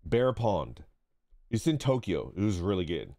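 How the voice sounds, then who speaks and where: A man's voice: sits low, very animated, measured pace, dark tone, no room sound, clean studio sound. A young man chatting casually on a livestream, swearing freely and reading chat aloud. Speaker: streamer. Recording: background music.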